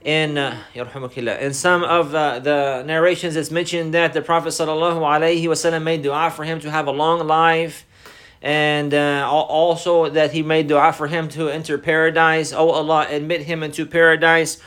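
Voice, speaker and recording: Male religious teacher, a touch high in pitch; deliberate, repeats lines, sprinkles Arabic phrases. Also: little pitch movement, a bit bright. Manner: repeats key phrases, deliberate explanatory delivery; mixes Arabic phrases into English. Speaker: Islamic teacher. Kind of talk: religious lesson.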